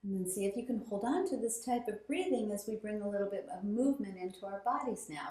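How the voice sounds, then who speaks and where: Calm woman guiding a yoga class. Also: medium pitch, roomy sound. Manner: calm, soothing instructions with slow counting. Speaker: yoga teacher.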